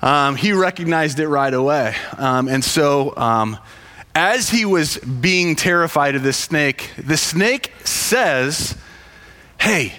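A man telling a parable in casual storytelling, halting with frequent fillers and restarts. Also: on the high side, expressive, pushed and bright. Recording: long hall reverb.

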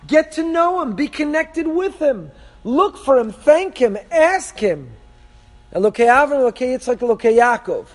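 A very high-pitched man leads a text-study lesson, reading passages aloud and translating them line by line. He speaks emphatically and poses rhetorical questions to his listeners. His voice rings with a long hall reverb. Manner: reads source texts aloud then translates them. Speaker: Torah teacher.

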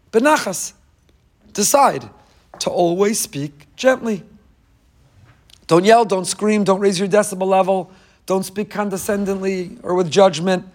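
A man teaching a lively Torah lecture, emphatic and repeating key phrases, with joking asides to his listeners. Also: sits high. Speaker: rabbi teaching a class.

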